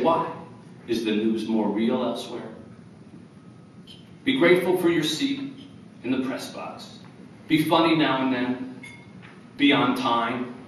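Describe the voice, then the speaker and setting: A man in his fifties with a mid-range, fairly bright voice gives an earnest award acceptance speech laced with wry humor in a large hotel ballroom. He's recorded from far off, with echo and a little hiss or hum.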